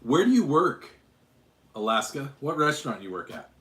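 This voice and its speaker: A man from Utah chats loosely with his viewers, his voice sitting at an everyday middle pitch. He rambles, stops to fix his own wording, and keeps the tone jokey and offhand throughout. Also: sing-song, normal speed, fairly bright tone, echoey room. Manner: rambling, self-correcting, joking. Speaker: streamer host. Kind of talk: casual livestream chat and Q&A.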